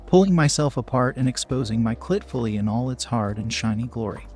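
A man narrating a first-person story aloud in a slow, hushed reading voice. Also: mid-range voice, lively intonation, soft background music.

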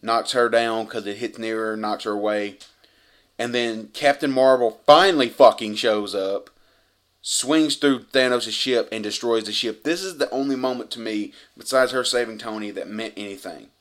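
A man excitedly retelling a superhero movie scene by scene, cursing freely and rambling. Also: fairly low pitch, moderate pace. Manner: profane, effusive, rambling retelling. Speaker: movie reviewer.

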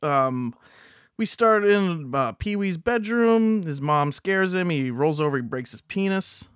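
Animated man recapping a movie. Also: fairly high pitch, clear, resonant tone, no echo, studio quality. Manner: animated, halting storytelling with restarts. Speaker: podcast host. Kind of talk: casual movie chat.

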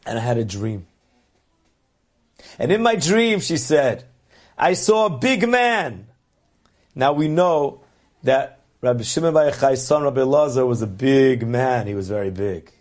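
A man's voice: medium pitch, animated, measured pace, pauses often, a little mellow. A man telling religious stories earnestly, stretching words for emphasis. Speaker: religious storyteller. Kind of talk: religious storytelling.

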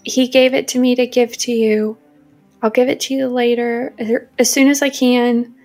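A woman's voice: fairly high pitch, little pitch movement, normal speed, darkish tone, faint music behind, natural voice. A woman voicing a fancy young female adventurer in a tabletop game, close to her own voice. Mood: hushed.

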